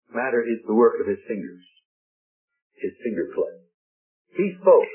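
A man preaching a sermon, slowing down and leaning hard on key words. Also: mid-range voice. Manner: emphatic, slows and stresses key words. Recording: tinny lo-fi broadcast audio.

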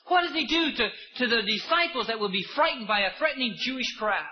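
A man preaching a sermon with impassioned rhetorical questions, swinging between loud emphasis and hushed asides. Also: very high-pitched, animated, quick pace, few pauses, lo-fi sound.

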